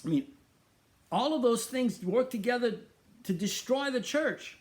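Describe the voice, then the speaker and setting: A man's voice: extremely high pitch, lively intonation, unhurried. A middle-aged man hosting a talk show, preaching emphatically and firing off rhetorical questions. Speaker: radio show host. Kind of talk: preaching monologue.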